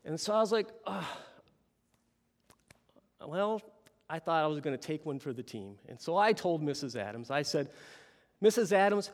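A man telling a story to an audience in an animated way, often turning to ask the listeners questions. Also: a little high, normal speed, pauses often, big-room sound. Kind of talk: storytelling talk.

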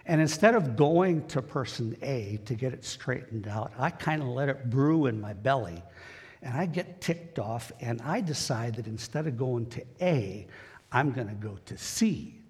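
Folksy male preacher with a husky voice, speaking plainly to the flock in a church with a long echo. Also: medium pitch. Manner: folksy, plain-spoken, talks directly to the congregation. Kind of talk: conversational sermon. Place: church sanctuary.

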